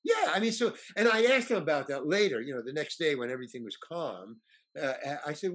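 Husky guy spinning a story, voice jumping all over, kinda high. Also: a little fast. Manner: animated, acts out quoted voices. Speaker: storyteller guest. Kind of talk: casual anecdote.

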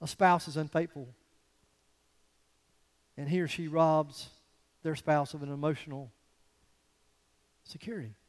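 A man preaching a sermon as a pastor, swinging from quiet, low passages to loud, emphatic ones. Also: steady tone, unhurried, long pauses, in a large hall.

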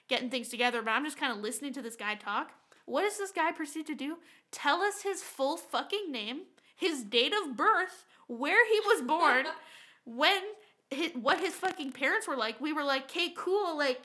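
A woman with a high, bright voice tells a story straight to her viewers. She is casual and animated, swears freely, and acts out what people said. She laughs along the way. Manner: laughs through the telling. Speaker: storytime vlogger.

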